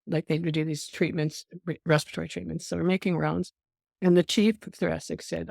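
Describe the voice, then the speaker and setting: An older woman, a nurse, telling stories in an interview. She is an animated storyteller who acts out the voices she quotes and often says "um". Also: low-pitched, normal speed, creaky, no room sound, studio quality. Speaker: nurse guest.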